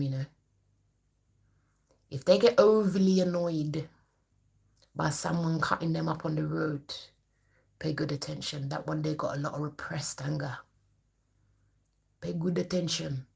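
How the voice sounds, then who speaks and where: Emphatic woman with a gravelly, low voice. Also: a little mellow. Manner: emphatic, colloquial, preachy. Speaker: therapist. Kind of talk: motivational talk to camera.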